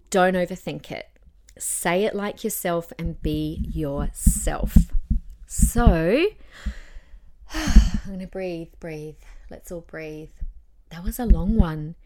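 A woman's voice: on the low side, a little mellow. A woman hosting a solo podcast, chatty and encouraging, giving public speaking tips and acting out tones of voice. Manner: chatty and encouraging, demonstrates tones with her own voice. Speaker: podcast host.

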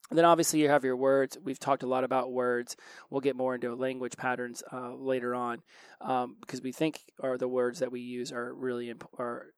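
A man hosts his own self-help podcast, explaining ideas in quick bursts full of restarts. His voice sits in a middle pitch range. The sound is dry and close, with no room echo. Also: smooth. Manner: fast-talking, with frequent restarts. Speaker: podcast host.

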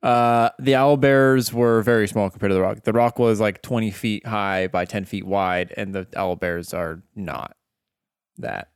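A man's voice: lowish voice, fairly even intonation, measured pace, clear, resonant tone, no room sound, studio quality. A man running a tabletop game as game master, narrating casually with many fillers.

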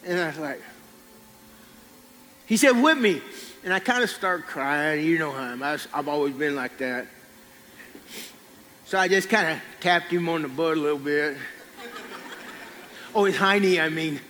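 A man preaching a sermon, telling a folksy personal story and dropping low on quiet lines. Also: normal speed, pauses often, long reverb tail, slight background noise.

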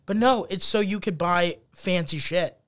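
A man's voice: sits high, normal speed, fairly bright tone, no echo, studio quality. A young man co-hosting a podcast, telling stories in a casual chat and acting out the people he quotes. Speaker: podcast co-host.

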